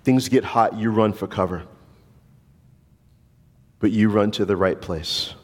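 A man's voice: on the low side, unhurried, long reverb tail. A man preaching a sermon, telling a story and acting out the voices of the people in it. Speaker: pastor.

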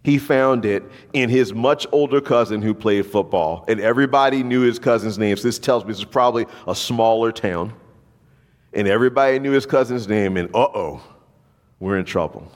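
In a sermon with a big-room sound, a pastor narrates a story and performs the voices of its characters. He speaks on the low side at a normal speed.

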